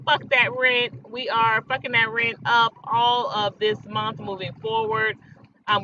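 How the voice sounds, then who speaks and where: A woman's voice: on the high side, sharp tone. A woman hosting a casual livestream from outdoors, chatty and emphatic, talking straight to her viewers. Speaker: livestream host. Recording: dull lo-fi outdoor audio with faint noise.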